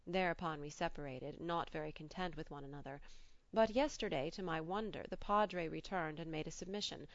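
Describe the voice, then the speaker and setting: A woman narrating a classic story as an audiobook, in a steady, formal way. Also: sits low, a little fast, no echo, highs cut off.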